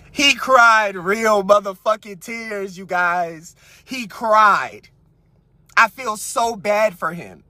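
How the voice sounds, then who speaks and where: Young male podcast host; crude, lively comic rant full of rhetorical questions; bright tone, dry sound. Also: high voice, dry recording. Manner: crude, animated, keeps asking rhetorical questions. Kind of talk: casual comedic rant. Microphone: podcast mic.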